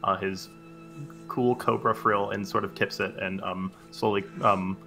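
A man playing a tabletop game, describing his character's actions in halting, filler-heavy speech. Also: fairly low pitch, level tone, vocal fry, sharp tone, faint music behind. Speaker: player. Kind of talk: casual tabletop play.

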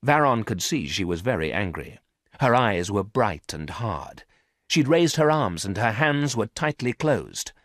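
A man narrating a graded story for English learners, reading clearly and carefully. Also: on the low side, very animated, unhurried, no room sound, clean studio sound.

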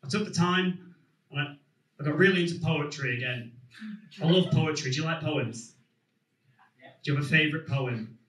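A young man from Manchester with a Manchester accent doing a stand-up comedy set, animated and swearing freely. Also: fairly high pitch, moderate pace, pauses often, echoey room, distant mic, low-quality recording. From England. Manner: animated, swears freely, shouts put-on voices. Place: comedy club stage.

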